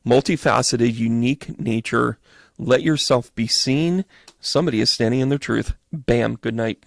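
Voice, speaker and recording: A man hosting a live-stream tarot reading, chatting with viewers in an animated, profane way and acting out quick voices. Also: mid-range voice, gravelly, no room sound, studio quality. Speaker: medium doing tarot readings.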